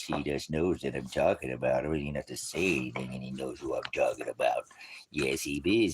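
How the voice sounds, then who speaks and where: A man's voice: a bass voice, a little fast, breathy edge. A man hosting a casual livestream, rambling and joking, often breaking off to baby-talk his dogs. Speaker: livestream host.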